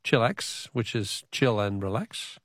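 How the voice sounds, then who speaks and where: A man's voice: lowish voice, animated, a little slow, a bit bright, no room sound, clean studio sound. A man hosting a late-night radio call-in quiz and reading out listener texts. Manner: chatty, reads out listener texts. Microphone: studio mic.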